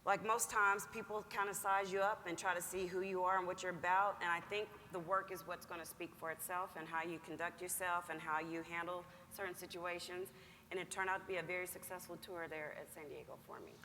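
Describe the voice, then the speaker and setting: A lower-pitched woman with a bright, forceful voice gives a measured, steady account on stage. Her voice carries a long hall reverb over faint background noise. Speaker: Marine master gunnery sergeant panelist. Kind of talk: panel answer, personal account. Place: large conference hall.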